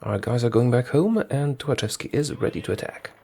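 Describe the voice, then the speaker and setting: A man's voice: medium pitch, brisk, vocal fry, dark tone, husky, soft background music. A man giving casual commentary on his strategy game, thinking aloud, talking to his units and correcting himself as he goes.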